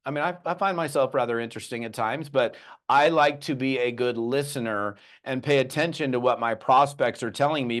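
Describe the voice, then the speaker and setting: Animated man coaching salespeople. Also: mid-range voice. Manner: lively storytelling with acted-out dialogue. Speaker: network marketing trainer. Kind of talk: animated training talk.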